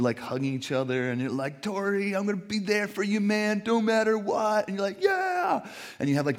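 A man in his thirties preaching a sermon in an animated, joking, self-deprecating way. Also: fairly high pitch. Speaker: pastor.

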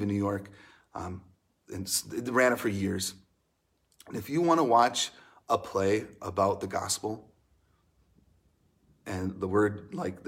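A young adult man with a fairly low pitch preaches a sermon as a pastor, earnest and emotional. He drops to hushed lines and then rises in bursts.

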